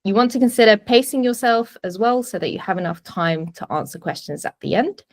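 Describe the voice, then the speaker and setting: A woman presentation coach teaching a webinar from a home office, with clear, deliberate emphasis on key words. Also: mid-range voice, expressive. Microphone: video call webinar.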